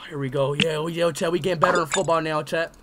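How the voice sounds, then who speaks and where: A young man streaming a game live, talking to himself and his chat, swinging between loud yelling and quiet muttering. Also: fairly high pitch, steady tone, fast, heavy background noise. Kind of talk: live gameplay commentary. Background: loud music.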